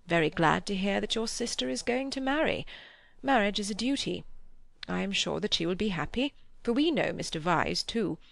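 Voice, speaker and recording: A woman voicing an earnest, lecturing old man in an audiobook, with a gravelly tone. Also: mid-range voice, lively intonation, moderate pace, dry recording.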